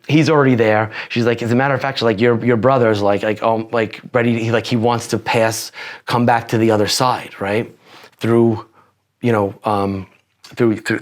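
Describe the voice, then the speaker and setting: A man in his forties, a podcast guest telling personal stories in a rambling, profane way with many restarts. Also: on the low side. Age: 40s. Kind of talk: casual interview storytelling.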